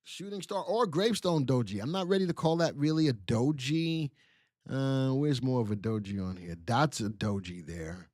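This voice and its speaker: A middle-aged man hosting a live stock analysis stream, energetic and chatty, coaching and teasing his viewers directly. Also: medium pitch, normal speed, no echo, clean studio sound. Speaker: stock market strategist hosting a live show.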